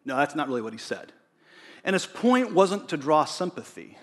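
Conversational preacher in a reverberant hall. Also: male voice, a little high, expressive, brisk, fairly bright tone. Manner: conversational preaching, builds to emphatic scripture reading. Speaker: pastor. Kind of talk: sermon. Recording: long reverb of a large hall.

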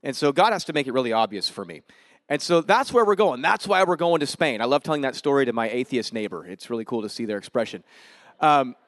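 A man, a visiting missionary, telling a story to a church congregation in a quick, lively way and acting out the dialogue. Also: medium pitch, no room sound, clean studio sound. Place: church service.

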